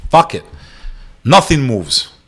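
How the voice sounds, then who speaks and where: A man's voice: mid-range voice, big pitch swings, slow, gravelly, fairly bright tone, slightly rough. A man, hosting a news reaction podcast, reading headlines aloud and breaking into profane, sarcastic rants.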